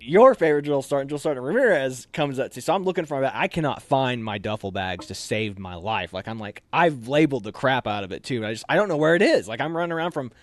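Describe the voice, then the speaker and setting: An interviewed officer candidate talks in a mid-range voice at a quick pace, leaving few pauses, and there's no room sound. He tells his story casually with lots of fillers, animatedly impersonating the people involved.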